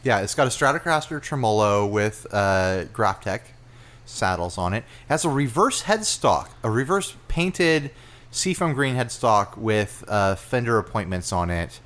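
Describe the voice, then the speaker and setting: A young man co-hosting a casual gear podcast, chatty and quick to laugh, reading out listings. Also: fairly low pitch, lively intonation, a bit bright. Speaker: podcast co-host. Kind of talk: casual chat.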